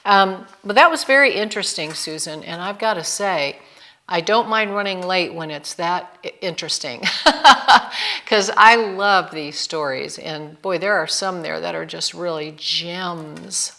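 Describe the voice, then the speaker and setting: A woman hosts an online video call in a slow, unhurried manner. Her voice sits a bit low, and she speaks with friendly, measured care. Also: creaky, sharp tone. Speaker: host.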